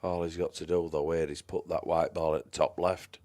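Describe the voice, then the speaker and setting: Bloke commentating pool on a stream, really deep voice, chatty, says hi to everyone. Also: male voice, flat delivery, fairly quick, darkish tone. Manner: chatty, greets viewers by name, mumbles asides. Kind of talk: casual live-stream commentary.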